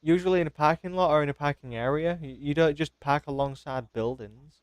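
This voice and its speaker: Wry man, fairly high voice. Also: brisk, clear, resonant tone, dry recording. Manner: wry, deadpan joking, trails off quietly. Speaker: podcast host. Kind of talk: casual chat.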